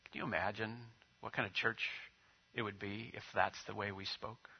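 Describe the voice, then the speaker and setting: Male pastor, lowish husky voice, storytelling sermon style; muffled lo-fi church audio. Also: flat delivery, normal speed. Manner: storytelling with acted quotes, leading prayer and liturgy.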